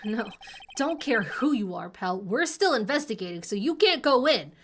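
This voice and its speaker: Woman doing a gruff bumbling male cop. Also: fairly high pitch, sing-song, normal speed, fairly bright tone, a little hiss or hum, voice pushed down. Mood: blustering. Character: gruff scruffy male police detective.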